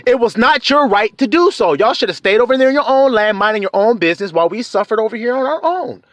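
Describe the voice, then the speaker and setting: A man with a very high voice that leaps all over its range preaches in a taunting, profane way. He fires rhetorical question after rhetorical question. The sound is close and dry, with no room around it. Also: animated, fast talker, fairly bright tone, no room sound. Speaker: online preacher. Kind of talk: confrontational preaching rant.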